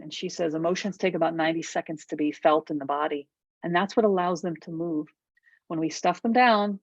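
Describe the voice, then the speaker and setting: Middle-aged woman, low voice, chatty meditation teacher, dull dry video-call audio. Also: no room sound. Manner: warm conversational teaching, frequent "right?" and "okay?". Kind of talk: guided workshop talk on a video call.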